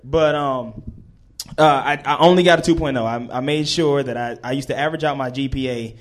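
A man's voice: medium pitch, fairly quick. A man in his twenties telling a comedic story on stage, rambling and correcting himself with chuckles.

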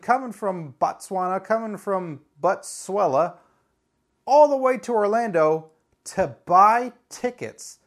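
A man hosting a podcast in a casual, rambling solo monologue, sounding frustrated and wry. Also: sits high. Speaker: podcast host.

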